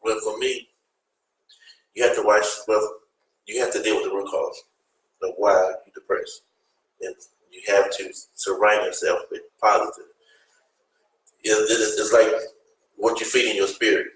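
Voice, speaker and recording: A man on a discussion panel gives plain-spoken advice in a fairly low voice. He sits away from the microphone, so his words come through distant and roomy. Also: steady tone, normal speed, long pauses, fairly bright tone. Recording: echoey room, far from the mic.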